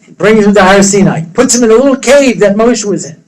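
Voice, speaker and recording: A rabbi lectures to students in a fairly high voice. He tells the story with animated humor, slipping into the characters' voices as he goes. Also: a little fast, poor audio. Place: study hall.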